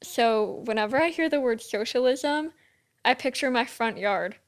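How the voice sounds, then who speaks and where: A woman's voice: a little high, normal speed. A young woman co-hosting a podcast, talking in casual chat with lots of "like" fillers. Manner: chatty, full of "like" fillers. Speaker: podcast co-host.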